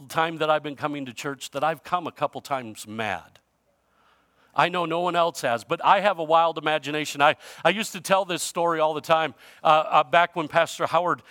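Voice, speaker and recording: A male pastor delivers a sermon, spinning a humorous story in a bright, slightly high voice. He swings from loud, animated bursts to hushed, close asides. The sound is dry and close, with little room echo.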